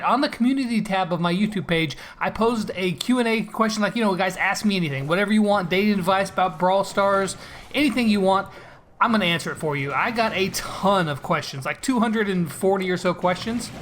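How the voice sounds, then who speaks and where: A man's voice: sits high, fairly bright tone, a little hiss or hum. Upbeat joking man hosting a gaming Q&A. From California. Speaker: gaming YouTuber. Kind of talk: casual Q&A vlog with gameplay commentary.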